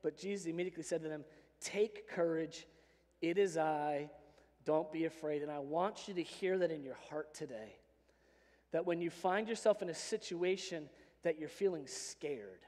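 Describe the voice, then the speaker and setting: A man preaching a sermon as pastor, animated and joking in a conversational way. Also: a little high, moderate pace. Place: church sanctuary. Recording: long reverb of a church hall.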